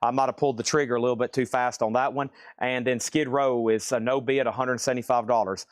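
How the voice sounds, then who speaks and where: A man hosting a live vinyl auction stream, with a middle-pitched, everyday voice. He talks in loose, chatty patter, reeling off album titles and prices one after another. The sound is dry and close, with no room echo. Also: steady tone, fast talker.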